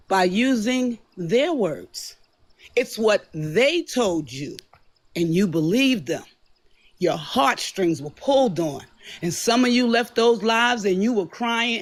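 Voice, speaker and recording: A woman in her fifties calling into a livestream, speaking in a slow, emphatic, lecturing way. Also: mid-range voice. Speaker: caller. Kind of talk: earnest livestream commentary.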